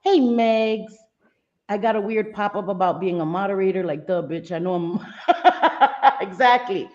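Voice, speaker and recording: A woman's voice: fairly low pitch, normal speed, a little mellow, muffled recording. A woman hosting a casual livestream, greeting viewers by name and chatting loosely, laughing easily. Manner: chatty, reads chat names aloud, laughs easily. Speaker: livestream host.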